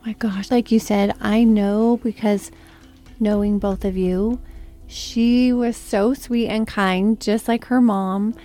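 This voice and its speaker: A woman interviewer with a mellow, warm-toned voice, gently affirming her guest and leading her back through events. Faint music plays under the conversation. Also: medium pitch, fairly even intonation, slow pace. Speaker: interviewer, host. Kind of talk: interview, sympathetic questioning.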